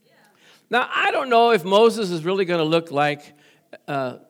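Middle-aged male pastor, high voice, folksy, jokey sermon delivery with amen call-outs. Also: sing-song, normal speed. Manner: folksy, joking, asks the congregation for amens.

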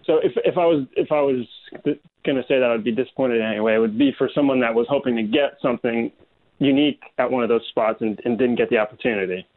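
A man's voice: mid-range voice, quick pace. A man being interviewed as a guest artist, speaking hesitantly with many ums. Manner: hesitant, soft-spoken, full of ums. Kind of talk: casual interview chat. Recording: tinny phone-like line.

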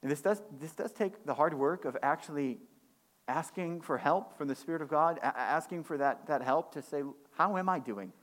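Impassioned male preacher. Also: normal speed. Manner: impassioned, rising in pitch and force on key points; drops to a quiet, low delivery for reflective passages. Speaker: pastor. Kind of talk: sermon.

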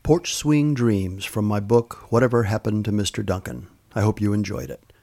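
A man with a fairly low voice reads a short story aloud. His delivery is measured and expressive, like a host narrating his own fiction. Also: gravelly. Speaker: podcast host and author.

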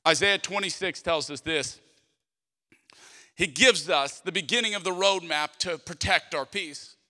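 A fairly high, very bright and forceful male voice preaches to his congregation, piling up repeated phrases and rhetorical questions. He sounds like a pastor in his thirties. His words ring out with a long hall reverb from the church sanctuary. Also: unhurried. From South Louisiana, US. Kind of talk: sermon.

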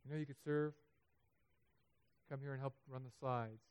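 A man preaching a sermon as pastor, animated and humorous, building to loud, emphatic peaks. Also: medium pitch, moderate pace, clean tone. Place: church sanctuary.

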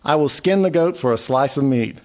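A man reading aloud, voicing a parched, dying male patient with a croaky voice. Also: fairly high pitch, animated, normal speed, faint music behind, pitched above the performer's own voice, close to an everyday voice. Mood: croaking.

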